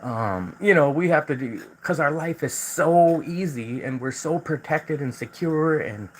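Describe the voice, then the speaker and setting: A man's voice: on the high side, animated, measured pace, rough recording. A man hosting a casual livestream, talking in a loose, rambling way that is full of repeated words and restarts. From United States. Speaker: livestream host.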